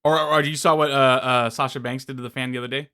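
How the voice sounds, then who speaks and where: Fast-talking, excited wrestling podcast host man. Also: medium pitch, clean tone, no room sound, clean studio sound. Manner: excited, profane, quick retelling with mimicked quotes. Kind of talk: casual chat. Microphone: remote call microphone.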